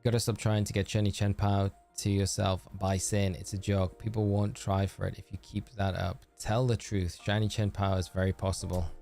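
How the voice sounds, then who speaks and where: A man's voice: sits low, little pitch movement, moderate pace, gravelly, hardly any pauses, dark tone, faint music behind. A man streaming a game live, chatting casually and reading viewer messages aloud as he answers them.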